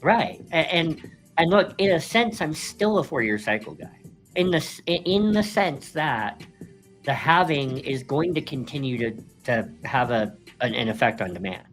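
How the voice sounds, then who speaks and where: A man's voice: mid-range voice, animated, moderate pace, a bit bright, soft background music. A man co-hosting a live stream in casual chat, rambling with many restarts and frequent laughs. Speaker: co-host.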